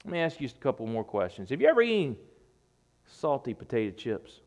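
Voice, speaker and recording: A man's voice: medium pitch, wildly swooping pitch, quick pace, darkish tone. A man preaching a sermon, emphatic, repeating phrases and dropping his voice for effect.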